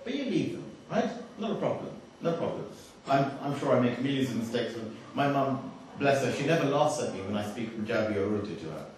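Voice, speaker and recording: Man, conversational lecturer who quizzes the room, mid-pitched, heard from a distance in a very echoey hall. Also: big pitch swings, brisk, darkish tone, slight background noise. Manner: conversational, asks the audience questions, wry humour. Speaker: speaker giving a religious talk. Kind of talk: lecture to an audience. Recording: echoey hall, voice from far off the mic.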